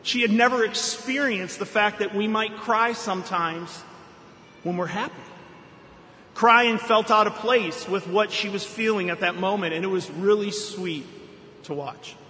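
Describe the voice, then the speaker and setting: A middle-aged man delivers a sermon in a high, bright voice, telling a story from home and then reading scripture with earnest feeling. His words ring out in a roomy church with a long reverb and faint room noise behind him. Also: a little slow. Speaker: pastor.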